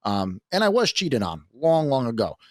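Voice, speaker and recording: A man's voice: medium pitch, wildly swooping pitch, moderate pace, dry recording, studio quality. A man co-hosting a casual podcast, rambling and profane, full of brash self-assurance. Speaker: podcast co-host.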